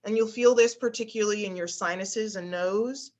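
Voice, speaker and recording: A woman speech instructor guiding a class over a video call, talking through breathing and resonance with plenty of fillers. She breaks into bright, high exclamations to demonstrate the head voice. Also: moderate pace. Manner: demonstrates pitches with exaggerated exclamations, frequent fillers.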